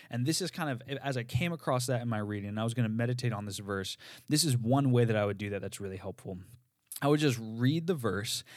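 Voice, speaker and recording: A man's voice: mid-range voice, a little mellow, dry recording, clean studio sound. A man co-hosting a podcast, earnestly teaching and repeating key phrases for emphasis. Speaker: podcast co-host teaching on meditation. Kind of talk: casual teaching talk.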